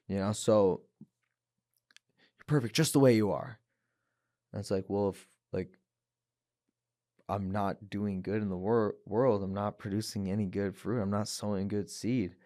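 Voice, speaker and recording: A man with a low-pitched voice speaks earnestly as a podcast guest. He tells his story in a candid, searching way and often doubles back on his words. The sound is close and dry. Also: fairly even intonation, normal speed, warm tone, no echo. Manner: earnest, repeats words, acts out voices when quoting people. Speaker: podcast guest, professional fighter. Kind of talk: candid interview talk.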